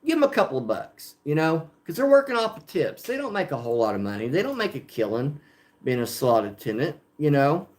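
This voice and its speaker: A man's voice: fairly high pitch, very animated, fairly quick, darkish tone. A man from Oklahoma with a rural country accent, chatting casually with livestream viewers and rambling with lots of fillers. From Oklahoma, USA. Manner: rambling, filler-heavy, talking to chat viewers. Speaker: slot machine livestreamer.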